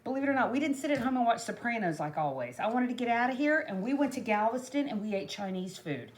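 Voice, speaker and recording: A woman's voice: on the high side, expressive, quick pace, a little hiss or hum. A woman chatting casually and rambling through a home DIY tutorial, full of asides to her viewers. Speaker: craft vlogger. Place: home kitchen.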